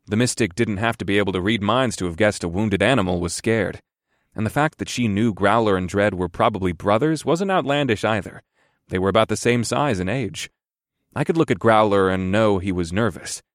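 A man narrating a fantasy audiobook in the first person, measured with a wry edge. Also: lowish voice, no echo, clean studio sound.

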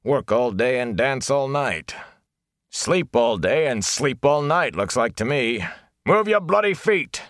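A man reading an audiobook, voicing a harsh older male wilderness guide who shouts and scorns the tired travellers he drives on. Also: mid-range voice, very animated, fairly quick, no room sound, clean studio sound, voice pushed up. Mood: taunting harsh.

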